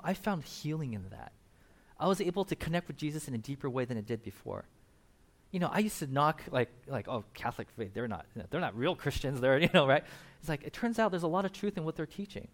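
A man preaching a sermon in a conversational, animated way, laughing now and then and adding asides. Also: fairly high pitch. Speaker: pastor.

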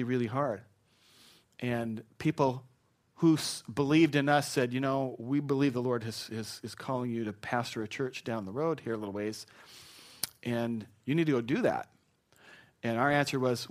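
Middle-aged male pastor, earnest conversational sermon delivery, frequent restarts, mid-range voice. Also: medium pitch. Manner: earnest, conversational, with many restarts and lively swings in emphasis.

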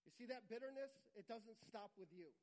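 A man preaching a sermon, earnest and repetitive, sometimes dropping to a quiet, intimate tone. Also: high-pitched, lively intonation, a little fast, rough recording. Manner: earnest, repeats phrases for emphasis, drops to quiet intimate tones. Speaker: pastor.

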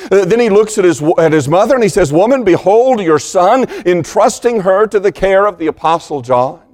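A man preaching a sermon as pastor, slow and deliberate, dropping to a hushed voice when quoting scripture. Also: high-pitched, expressive.

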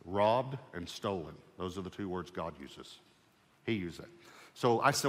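A male preacher giving a sermon testimony as a lively storyteller who acts out his own dialogue with the Lord. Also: mid-range voice, moderate pace, big-room sound.

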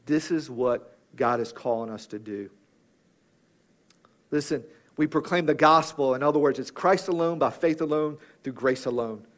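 A man's voice: mid-range voice, normal speed. A man preaching a sermon in a rhythmic, emphatic manner, appealing directly to his listeners.

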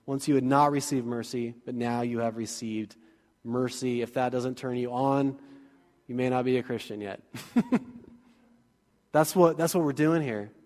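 A man preaching a sermon as pastor, casual and joking, rising to energetic bursts. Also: medium pitch, a little slow, pauses often. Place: church sanctuary. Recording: long church reverb.

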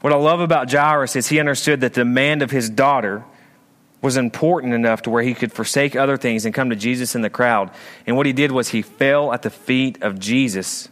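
A male pastor preaching a sermon in a church, swinging between raised emphatic lines and low, quiet asides. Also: fairly even intonation, brisk.

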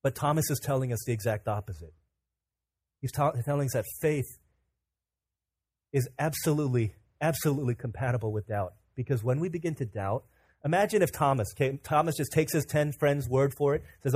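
A young man preaching a sermon, animated and casual, who tells stories and acts out the voices of the people in them. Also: a little high, fairly quick, slightly rough. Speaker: pastor.

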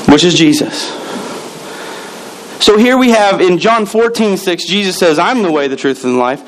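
A middle-aged man preaching in a high, light voice. He drives points home with emphatic repetition and storytelling. A faint hiss sits under the recording. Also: lively intonation, moderate pace, poor audio. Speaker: pastor. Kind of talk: sermon.

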